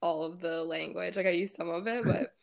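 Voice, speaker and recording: A young woman with a Pittsburgh accent tells stories in a loose, chatty way, packed with fillers. Her voice sits a little low and has a gravelly fry to it. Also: brisk. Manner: chatty storyteller, many fillers, frequent laughs. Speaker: podcast co-host. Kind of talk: casual chat.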